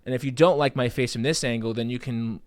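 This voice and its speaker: A man's voice: medium pitch, fairly even intonation, quick pace, clear, resonant tone, no room sound, studio quality. A man hosting a live podcast, chatting casually in a playful, rambling, joking way. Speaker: podcast host.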